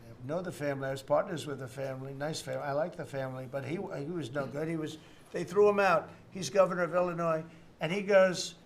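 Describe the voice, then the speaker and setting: A man's voice: on the high side, a little hiss or hum. A man in his seventies with an American accent, a politician giving rambling, repetitive, boastful off-the-cuff remarks at a meeting, with mocking asides. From United States. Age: 70s. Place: indoor meeting room.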